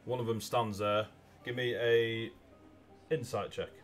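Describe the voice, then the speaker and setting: A man's voice: mid-range voice, fairly even intonation, measured pace, faint music behind. A man narrating a tabletop game as game master, rambling with many ums and uhs over a video call mic.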